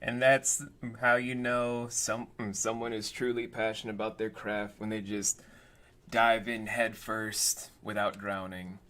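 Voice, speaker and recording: A man's voice: lowish voice, little pitch movement, measured pace, pushed and bright. A man hosting a casual interview, asking questions with playful joking asides. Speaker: interview host.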